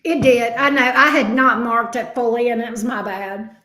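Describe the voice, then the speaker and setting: Sleepy and affectionate, a tarot reader drawls through a casual livestream, addressing viewers as love bug and honey. Her voice is highish and sharp, with a steady tone at normal speed, and the recording has a roomy echo.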